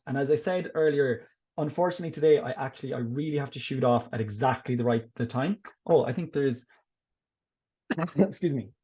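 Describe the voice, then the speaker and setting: A man's voice: a little high, mellow, lo-fi sound. A man presenting a teaching workshop in a webinar, upbeat and encouraging as he answers questions from teachers. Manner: upbeat and encouraging, talks teachers through tips. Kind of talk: webinar talk and Q&A.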